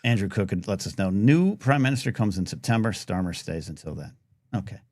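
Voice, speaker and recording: A man's voice: lowish voice, lively intonation, fairly quick, darkish tone. A man hosting a casual live talk radio show, rambling and reading out chat comments. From United States.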